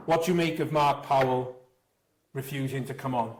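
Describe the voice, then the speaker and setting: A man's voice: medium pitch, normal speed, low-quality recording. A man hosting a casual podcast chat, joking and teasing his guest. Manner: joking, teasing, laughs often. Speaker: podcast host.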